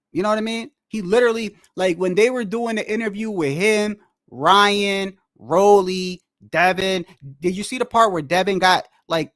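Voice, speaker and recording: High-voiced man rambling about boxing. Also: fairly bright tone, no room sound, clean studio sound. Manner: rambling, repeats "bro", restarts often. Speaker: streamer reacting to boxing clips. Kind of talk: casual reaction commentary.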